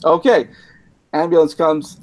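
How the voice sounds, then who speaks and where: A man's voice: a little high, steady tone, unhurried, a little mellow. A drunk Canadian man rambling through a profane story on a casual podcast, laughing at himself as he goes. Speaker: podcast host.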